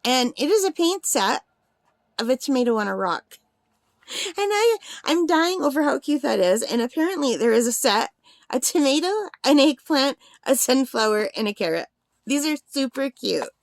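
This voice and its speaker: Bubbly woman craft host, overtired and giggling, rambling unboxing chat, high-pitched. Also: no echo, clean studio sound. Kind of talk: casual unboxing vlog.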